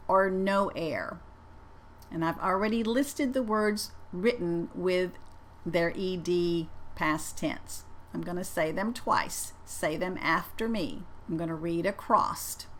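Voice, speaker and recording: A woman teaching English pronunciation, saying each practice word slowly and distinctly and repeating it twice. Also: on the low side, a bit bright, slight background noise. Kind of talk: slow, deliberate pronunciation lesson.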